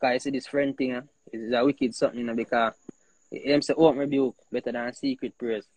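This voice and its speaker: A man with a Jamaican accent talking in patois in a rambling, animated casual chat, leaning on "you know" again and again. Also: mid-range voice, fairly quick, no echo.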